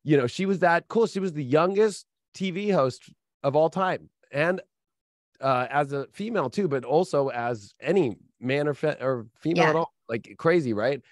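A man's voice: on the high side, expressive, moderate pace, dry recording, clean studio sound. A man who works as an astrologer, telling stories in a casual podcast chat, rambling with lots of fillers. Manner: rambling, filler-heavy storytelling. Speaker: astrologer guest.

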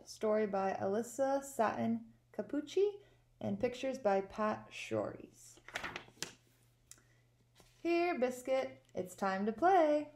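A woman teacher reading a picture book aloud to her class in a slow, sing-song storytime manner. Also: fairly high pitch, expressive, dark tone, a little hiss or hum. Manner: slow, sing-song storytime delivery with playful dog sounds.

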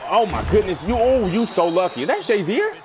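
A young man gives loud, playful trash talk while playing a football video game. His voice sits high and swings wildly between low mutters and excited shouts. Game crowd noise roars behind him. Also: a little fast. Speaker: gaming YouTuber. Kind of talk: live gameplay commentary.

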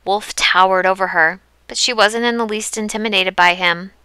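A woman narrating an audiobook chapter with steady, even storytelling. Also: medium pitch, normal speed, clean tone, dry recording. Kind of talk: scripted narration.

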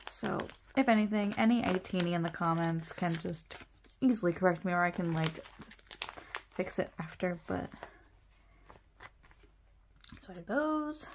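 A woman's voice: lowish voice, lively intonation, moderate pace, a little hiss or hum. A young woman chatting casually while sorting her photocards, rambling, laughing often and correcting herself. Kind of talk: casual chat.

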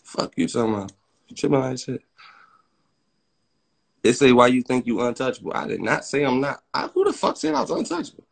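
Husky, defiant man ranting. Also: medium pitch, big pitch swings, brisk, pauses often. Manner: boastful, profane, defiant; swings between loud outbursts and muttered asides. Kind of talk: heated on-camera rant.

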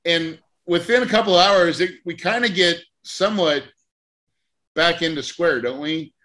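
Bright-voiced man telling a lively story. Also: on the high side, a little slow. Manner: animated, acts out conversations, laughs often. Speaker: podcast host and real estate mentor. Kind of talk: lively storytelling in a podcast interview.

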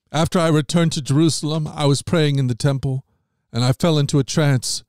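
A man reading Bible passages aloud as a podcast host, in a measured, steady manner that lifts slightly on quoted speech. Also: on the high side, no echo, studio quality.

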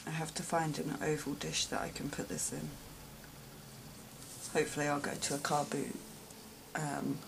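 A woman showing gifts on camera in a casual vlog, gushing with soft exclamations and whispers of awe. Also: low-pitched, creaky, background noise. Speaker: vlogger unboxing gifts. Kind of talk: casual show-and-tell unboxing.

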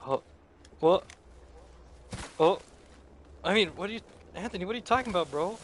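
A young man streaming a game with a friend, excitable and teasing, laughing often. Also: sits high, normal speed, a little hiss or hum. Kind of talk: casual gaming chat.

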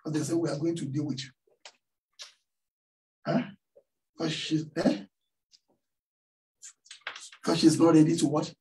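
In a church hall, a pastor delivers a sermon, telling a story and repeatedly putting questions to the congregation. His fairly high-pitched voice is mellow and dark in tone, with a flat, unhurried delivery and long pauses. He sounds set back from a distant mic in a low-quality recording.

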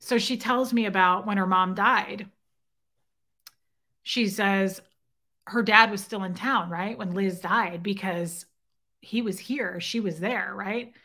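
A young adult host takes her time, leaving long pauses in a mid-range voice, while casually retelling an encounter for her viewers. Her animated account features both sides of the dialogue acted out, plus remarks aimed at chat.

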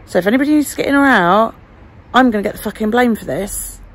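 A woman's voice: on the high side, expressive, fast. A woman vlogging casually, venting her frustration and swearing freely. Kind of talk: casual vlog monologue.

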